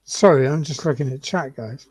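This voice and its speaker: A man's voice: medium pitch, normal speed, breathy edge, dry recording. Man with hiccups on a call. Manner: friendly, easygoing, signs off warmly. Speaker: guest on a livestream. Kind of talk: casual livestream chat.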